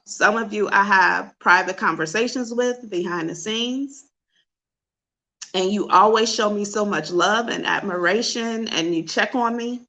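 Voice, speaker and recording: A woman's voice: mid-range voice, unhurried, pushed and bright. A woman psychic host giving an emotional, confessional talk to her livestream viewers over a webcam.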